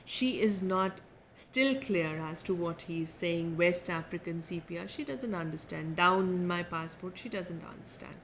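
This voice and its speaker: A woman's voice: on the low side, measured pace, fairly bright tone, a little hiss or hum, poor audio. A woman with an Indian English accent, a literature lecturer explaining a poem line by line, reading quoted lines with emphasis before paraphrasing them.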